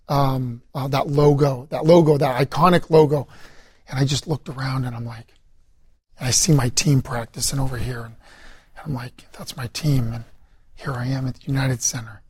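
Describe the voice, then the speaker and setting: A man's voice: mid-range voice, a little mellow, breathy edge, no room sound. A middle-aged man, a guest in an interview, telling his story in a rambling way with many fillers and restarts. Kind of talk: conversational testimony interview.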